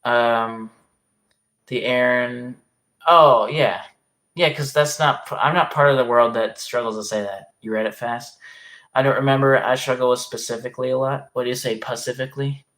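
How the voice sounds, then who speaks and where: A man's voice: mid-range voice, fairly even intonation, normal speed, a bit bright. A man chatting casually on a livestream, reading comments aloud in a rambling, hesitant way and swearing often.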